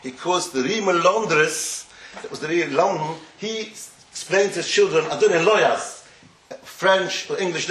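Rabbi type, male, slightly high voice, rambling explanatory lecture, echoey room. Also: a bit bright. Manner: digressive, explanatory, sprinkled with Yiddish and Hebrew terms. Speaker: rabbi teaching a class. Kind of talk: Torah lecture.

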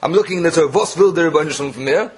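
A man giving a Torah lecture with stories, animated and emphatic, often repeating himself and rising to sharp peaks. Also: fairly high pitch, rapid-fire. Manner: animated, rising emphatic peaks, mixes Yiddish and Hebrew terms; frequent self-repetition and restarts. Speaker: Torah teacher.

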